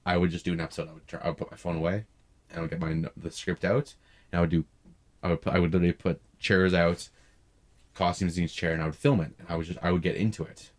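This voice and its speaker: A young man with a very low, deep voice tells a story in a relaxed podcast chat. He rambles in an animated way, restarts his sentences and fills them with "like". He makes online videos. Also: fast.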